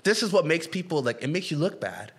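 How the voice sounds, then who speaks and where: A man's voice: a little high, brisk, slightly rough. A young man co-hosting a casual comedic podcast, talking in a loose, slangy way and acting out what other people said. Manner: animated, slangy, acts out quotes. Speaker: podcast co-host. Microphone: camera-facing home recording.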